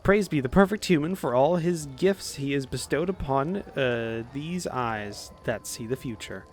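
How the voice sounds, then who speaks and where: A man's voice: medium pitch, expressive, a little slow, soft background music, lightly acted. A man voicing a flowery female foreign traveler in a video game, reading her ornate lines in his own voice. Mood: grandiose. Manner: ornate, solemn phrasing.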